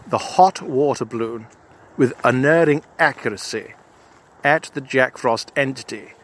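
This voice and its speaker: A man's voice: medium pitch, a little hiss or hum. A man telling a comic adventure story in the first person, in a pompous, self-satisfied manner.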